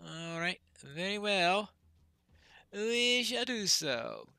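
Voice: mid-range voice, animated, extremely slow, bright, forceful tone, no echo. A game player giving chatty commentary over a fantasy game, laughing at stumbles over hard names. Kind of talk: let's play commentary.

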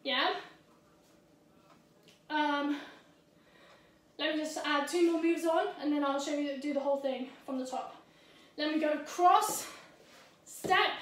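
A woman dance teacher with a high voice talks a routine through slowly and scats the rhythm in quick syllables, often asking "yeah?". She is a little out of breath. She is recorded far from the camera in a very echoey room. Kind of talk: dance tutorial with counting and rhythm vocalizing.

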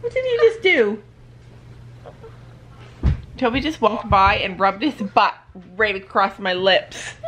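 A woman's voice: mid-range voice, sing-song, slow pace, pauses often, sharp tone. An older woman, a grandmother, chatting casually in a family vlog from a bed in her living room, playfully coaxing her grandchildren.

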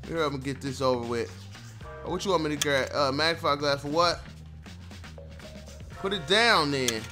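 A man giving loud, frustrated gameplay commentary, yelling and trash-talking at the game. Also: on the high side, normal speed, long pauses, soft background music. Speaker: gameplay streamer.

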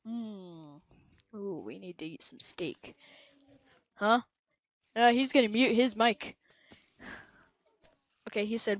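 A woman giving casual commentary while playing a video game, excitable and quick to shout at things on screen. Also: mid-range voice, no room sound, dull audio. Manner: excitable, bursts into yelling at the game. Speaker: gameplay commentator.

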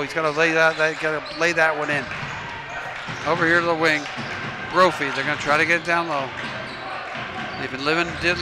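This play-by-play commentator, a man whose voice sits a bit above most, covers a local high school basketball game at speed, mixing quick calls of passes and shots with coaching asides. The crowd and thumping basketballs fill the loud gym behind him.

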